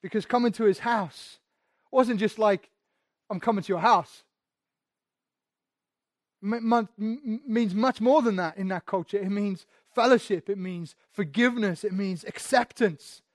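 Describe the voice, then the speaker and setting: A man preaching a sermon, repeating phrases and asking rhetorical questions, sometimes dropping to a hush and sometimes building loud. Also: sits high, moderate pace, no echo.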